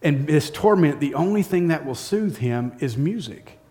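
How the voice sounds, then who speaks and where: A man teaching from the Bible, telling the story in a casual, lively way and acting out the quotes. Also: a little high, moderate pace. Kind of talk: storytelling sermon.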